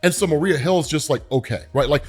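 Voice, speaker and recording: A man's voice: a little high, quick pace, slightly rough, faint music behind. A man hosting a comic explainer channel, recapping the story in a casual, chatty way, often adding "right?" and "like" as he acts out the characters' lines in passing.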